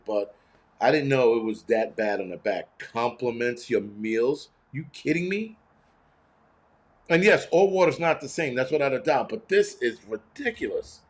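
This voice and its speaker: Profane rambling man in his fifties. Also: medium pitch. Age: 50s. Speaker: livestream host. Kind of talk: casual livestream rant.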